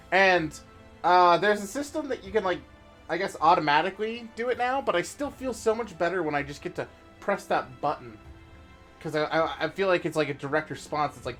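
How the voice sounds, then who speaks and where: A co-streamer with a middle-pitched voice that swings animatedly, explaining stream setup and teasing their partner. Faint music plays underneath. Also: expressive, a bit bright. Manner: joking, quick, teasing. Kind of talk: casual live-stream chat.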